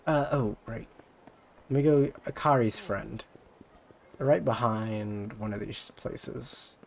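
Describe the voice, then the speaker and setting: Casual male let's player, wry low-key asides. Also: takes it slowly, gravelly, a little hiss or hum. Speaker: game player. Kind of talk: let's play commentary.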